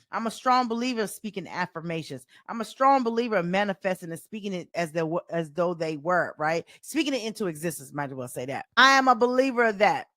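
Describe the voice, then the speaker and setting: A woman with a Southern US accent hosting her own coaching podcast, talking in an animated, folksy way and repeating phrases like a preacher. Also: mid-range voice, no room sound, studio quality. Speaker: life coach and podcast host. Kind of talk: solo motivational podcast talk.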